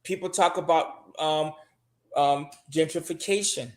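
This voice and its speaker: A man's voice: fairly high pitch, unhurried, echoey room. A man talking casually and bluntly as a show guest, swearing often and pressing his money advice with emphasis.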